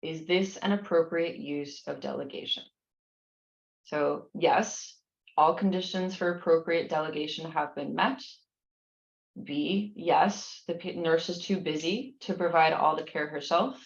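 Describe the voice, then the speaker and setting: A woman's voice: deep voice, a little slow, vocal fry, echoey room, dull audio. A woman explaining nursing exam questions, reading each one aloud and then walking through the answers patiently, with frequent restarts.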